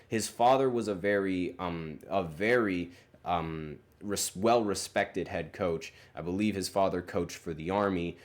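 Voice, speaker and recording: Low-voiced man, rambling sports talk. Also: measured pace. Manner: rambling, hesitant, many fillers and self-corrections. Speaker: sports podcast host. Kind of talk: casual solo sports commentary.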